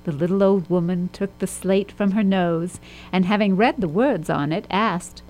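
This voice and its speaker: A woman narrating a children's storybook with a steady, expressive reading. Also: medium pitch, normal speed, low-quality recording.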